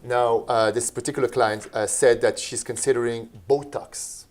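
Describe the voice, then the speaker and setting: A man's voice: mid-range voice, steady tone. A man hosting an interview, chatty and often affirming the guest. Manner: chatty, lots of quick affirmations. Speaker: host. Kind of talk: casual interview chat.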